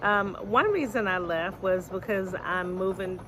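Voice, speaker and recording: A woman's voice: mid-range voice, unhurried. Older woman, from the US, testimonial, matter-of-fact, noisy background. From United States. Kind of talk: testimonial to camera. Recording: audible background noise.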